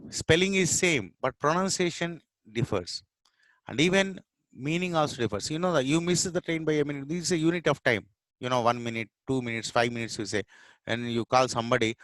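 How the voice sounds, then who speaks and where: A middle-aged man from India with an Indian English accent and Telugu as his first language, explaining English words slowly in a lesson with many fillers and repetitions. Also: medium pitch, a bit bright, no room sound. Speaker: English teacher.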